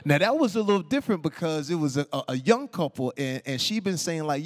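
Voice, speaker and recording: A man telling stories as a guest on an auditorium stage, animated and laughing, acting out the people he quotes in voices. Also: fairly high pitch, fast, few pauses. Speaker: interview guest. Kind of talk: live stage storytelling. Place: stage in a large auditorium before an audience. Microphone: stage microphone.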